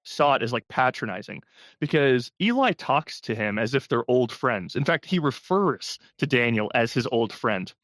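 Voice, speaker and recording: A man's voice: mid-range voice, big pitch swings, moderate pace, fairly bright tone, no echo. A man co-hosting a podcast, casually discussing films and retelling scenes with animation. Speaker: podcast co-host.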